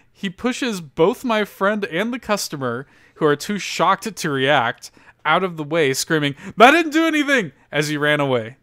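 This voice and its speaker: A man's voice: on the high side, animated, takes it slowly, long pauses, bright, forceful tone, clean tone, no room sound, clean studio sound. A man hosting a casual podcast, reading an article aloud with lots of laughter and loose, profane storytelling. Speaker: podcast host.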